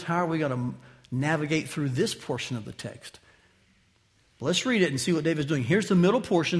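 A man preaching an expository sermon, addressing listeners directly with questions and emphatic swings from loud to quiet. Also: on the high side. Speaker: pastor.

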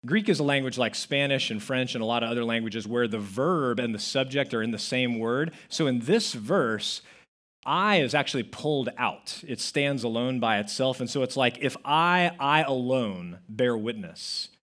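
A man's voice: mid-range voice, moderate pace, few pauses, fairly bright tone. A man preaching a sermon as pastor, telling stories with acted-out quotes and stressing key words. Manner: storytelling with acted-out quotes, emphatic.

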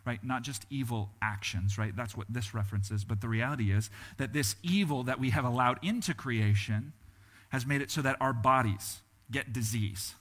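A man's voice: mid-range voice, normal speed. A man preaching a sermon in a conversational way, often asking his listeners "right?" and letting his voice rise and drop for emphasis. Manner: animated, voice rising and falling for emphasis.

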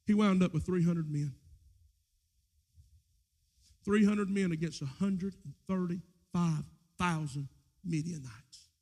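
High-pitched man preaching with fire. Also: takes it slowly, pauses often. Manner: impassioned preaching, swinging between shouts and low asides. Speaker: pastor. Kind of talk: sermon. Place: church with a screen.

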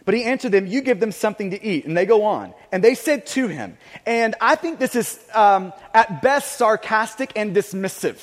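A man's voice: high-pitched, very animated, normal speed, few pauses. A male pastor preaching a sermon earnestly, often stammering and repeating words. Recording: long reverb of a large hall.

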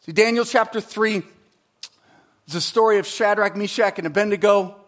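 Speaking at a moderate pace, a high-voiced male pastor preaches a sermon that swings from steady teaching to emphatic, fervent delivery. Rhetorical questions aimed at the congregation come up often.

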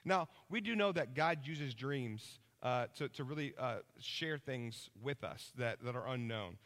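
A man preaching a sermon, telling lively stories and checking in with his listeners. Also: mid-range voice, measured pace, big-room sound. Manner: energetic storytelling, checks in with listeners.

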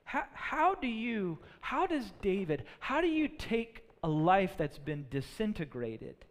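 A man preaching a sermon, earnest, often repeating words as he builds a point and dropping low and quiet for sad moments. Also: sing-song, a little slow. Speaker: pastor. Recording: long hall reverb.

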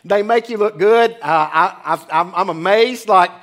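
A man's voice: sits high, measured pace, fairly bright tone. A pastor in his forties giving a casual, joking sermon in church. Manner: chatty, joking asides. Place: church sanctuary.

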